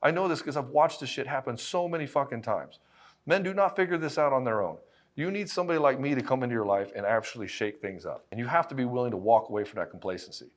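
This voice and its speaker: A man's voice: medium pitch, lively intonation, fast. A middle-aged man coaching married men in a blunt, profane, emphatic monologue, speaking straight to the listener. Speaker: relationship coach. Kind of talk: direct-to-camera monologue.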